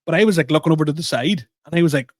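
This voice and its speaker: A man's voice: on the high side, rapid-fire, dry recording, clean studio sound. A young man co-hosting a podcast, telling stories in a rambling, self-deprecating way with lots of restarts. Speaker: podcast co-host and comedian. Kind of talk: casual chat.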